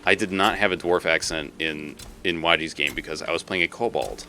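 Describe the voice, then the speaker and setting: A man's voice: low voice, brisk, sharp tone, slight background noise. A man from Massachusetts chatting casually on a live stream while gaming, rambling, laughing and swearing freely.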